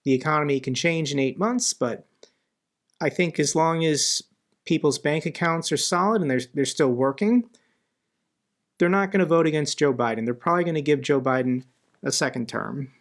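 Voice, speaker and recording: A man answers viewer questions in a commentary show. His voice sits a little higher than usual, and he drives his points home by repeating phrases. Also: normal speed. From United States. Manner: emphatic, repeats phrases for stress. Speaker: political commentary host.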